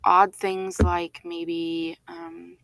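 Woman co-host, casual chatter, gravelly edge, dry close mic. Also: fairly low pitch, level tone, extremely slow, fairly bright tone, dry recording. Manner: chatty, laughs often, many fillers. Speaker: podcast co-host. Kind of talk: casual chat.

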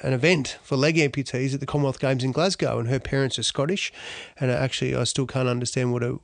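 A middle-aged Australian man, a former athlete, telling his story in a lively, slangy, self-deprecating way. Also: medium pitch, quick pace, gravelly, dry recording. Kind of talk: storytelling talk.

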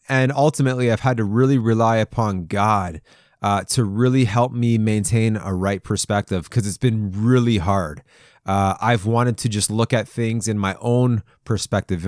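A man's voice: medium pitch, no echo, clean studio sound. A man hosting a devotional podcast, telling stories in a chatty way and laughing often. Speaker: podcast host.

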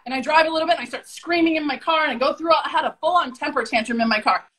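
A woman's voice: sits high, expressive, fast, few pauses, fairly bright tone, poor audio. A woman guest telling a story full of swearing, acting out what people said in shifting voices. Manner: swears constantly, acts out quotes in shifting voices. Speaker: podcast guest. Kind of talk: profane storytelling.

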